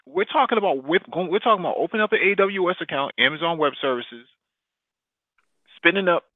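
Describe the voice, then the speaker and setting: A man's voice: high-pitched, animated, quick pace, no room sound. Man talking tech on a tinny line. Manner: explanatory, many fillers and restarts. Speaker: podcast co-host. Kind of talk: casual economics discussion. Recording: dry tinny phone-like line.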